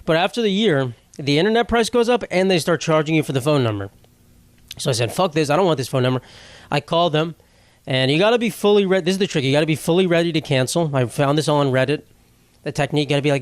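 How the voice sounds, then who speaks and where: A man's voice: a little high, lively intonation, fast, no echo. Rambling young man hosting a podcast. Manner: rambling, crude jokey asides, puts on silly voices for quotes. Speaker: podcast host. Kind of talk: casual solo podcast monologue.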